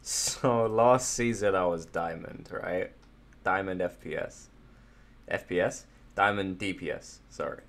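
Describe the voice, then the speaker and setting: A man giving casual, profane gameplay commentary, self-mocking, and swinging from loud outbursts to low mutters. He has just woken up and has a sore throat. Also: steady tone, slow, soft background music. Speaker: gamer streamer.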